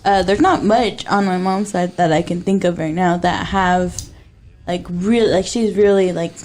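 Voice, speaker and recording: A woman's voice: lowish voice, a little slow, a little mellow. A woman from Arizona co-hosting a podcast, chatting in a teasing, easygoing way and steering the talk to the next topic. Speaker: podcast co-host. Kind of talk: casual chat.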